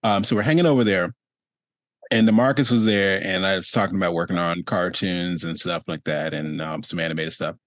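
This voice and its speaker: A male host with a lowish voice chats loosely on a video call, rambling through fillers and slipping into quick impressions. The sound is dry and close, with no room around it. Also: fairly even intonation, no echo. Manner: rambling, with many fillers, quick laughs and acted-out quotes. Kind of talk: casual interview chat.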